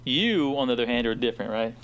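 Man, podcast co-host, mid-pitched voice, excitable, jokey, casual chat. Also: fast. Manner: excitable and jokey, laughs often.

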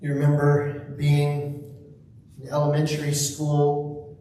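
A man preaching a sermon slowly and reflectively, asking rhetorical questions. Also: fairly high pitch, completely flat delivery, dark tone, slight background noise. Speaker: pastor. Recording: echoey room, mic at a distance.

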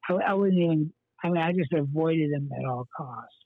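A man's voice: fairly high pitch, moderate pace, dry recording. A man, a pastor, earnestly telling his life story in an interview, rambling with many fillers and restarts. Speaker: pastor, guest. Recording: tinny phone-line sound.

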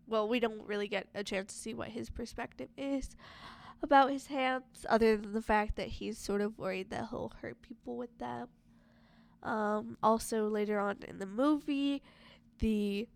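A woman's voice: medium pitch, creaky. A young woman casually discussing a movie, chatty and full of filler words.

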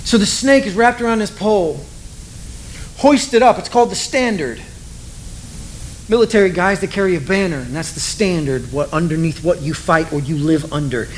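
A male pastor delivers a sermon in a noticeably high voice, bringing the story to life by acting out its characters. Faint steady hiss sits under the recording. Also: normal speed, rough recording. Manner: animated storytelling, acts out voices of people in the story.

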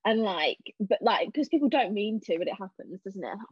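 A young woman chatting casually as a podcast guest, telling animated stories and acting out what people said. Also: mid-range voice, a little fast, few pauses, slightly rough, no echo. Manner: animated storyteller, acting out quotes. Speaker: podcast guest, stage actress. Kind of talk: casual chat. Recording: dull lo-fi sound.

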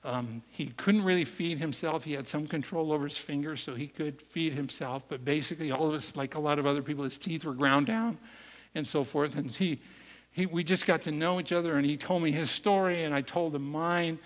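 A man telling a story in a sermon, earnest and conversational, slowing down for emphasis, heard in an echoey hall. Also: a little high. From United States. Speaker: preacher.

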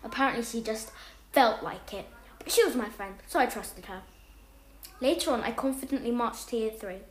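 A woman with a fairly high, light voice reads a homemade story aloud. She is animated and jumps up in pitch and loudness for each line of dialogue. The room around her rings with echo. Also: fairly quick.

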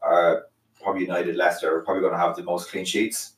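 A man's voice: sits low, little pitch movement, fast, recorded from a distance. A man co-hosting a casual football podcast, chipping in often with questions. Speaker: podcast co-host. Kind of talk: casual sports podcast chat. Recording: echoey, off the mic.

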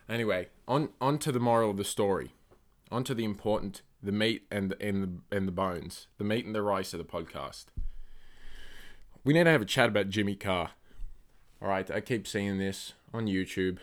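A man hosting his own solo podcast, rambling and swearing through rants that flare up loud and high when he gets angry. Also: normal speed. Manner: rambling, profane, ranting. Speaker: podcast host.

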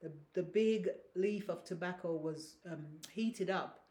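A woman's voice: fairly low pitch, a little slow, a little mellow. Woman from Grenada telling rambling stories. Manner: rambling, many restarts and fillers, acts out quotes. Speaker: guest. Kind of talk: casual storytelling. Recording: roomy echo.

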